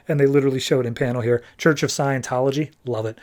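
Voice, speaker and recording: A man's voice: mid-range voice, fairly even intonation, fast talker, hardly any pauses, darkish tone. A man hosting a podcast, retelling a comic book story in a loose, chatty way full of "like" and quoted dialogue. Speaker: podcast host. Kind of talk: casual comic book recap.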